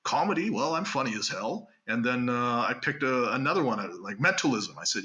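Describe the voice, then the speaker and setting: Canadian-raised guy telling magic stories in an interview, really bright voice, lively and laughing. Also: medium pitch. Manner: animated storyteller, quick asides and laughs. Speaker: guest magician. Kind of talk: casual interview storytelling.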